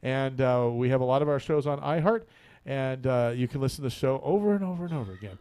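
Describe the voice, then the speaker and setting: A man's voice: mid-range voice, animated, quick pace, dark tone, clean tone. A man hosting a radio talk show, chatting casually and telling a rambling joke, laughing often and repeating words as he goes. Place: radio studio.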